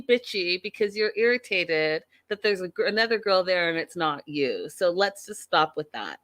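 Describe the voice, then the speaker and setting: A woman's voice: fairly low pitch, expressive, moderate pace, hardly any pauses, fairly bright tone, dry recording. A woman hosting a reality TV recap show, giving her opinions in blunt, outspoken, emphatic casual talk.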